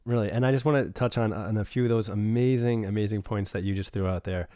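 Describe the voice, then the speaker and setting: A man's voice: fairly low pitch, fairly even intonation, fast talker, warm tone, no room sound, clean studio sound. A man hosting a podcast, encouraging and reflective as he sums up his guest's points. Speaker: podcast host. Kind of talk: casual podcast conversation.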